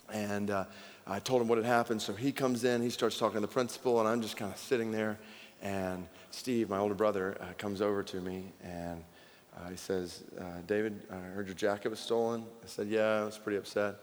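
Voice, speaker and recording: A man's voice: medium pitch, a bit bright, a little hiss or hum. A man preaching a sermon as a pastor, telling a personal story and then building to fervent emphasis. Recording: long hall reverb.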